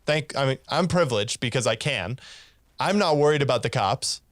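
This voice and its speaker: A podcast co-host tells a rambling story in a casual, animated way, playing both sides of an argument and laughing as he goes. His voice is medium-pitched and fairly quick, with no echo.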